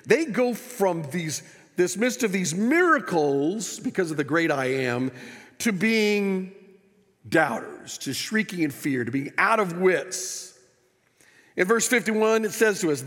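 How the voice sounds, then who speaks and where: A male pastor preaching a sermon with animated delivery, his voice rising and falling, with wry asides to the congregation. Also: high-pitched, slow pace, big-room sound. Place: church sanctuary.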